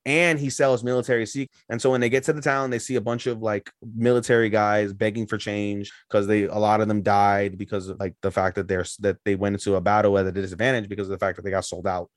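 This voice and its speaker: A man co-hosting an anime podcast in casual chat, animated, with squeaky put-on voices when retelling scenes. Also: fast, hardly any pauses, no echo, studio quality. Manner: animated, jumps into high squeaky voices for characters. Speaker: podcast co-host.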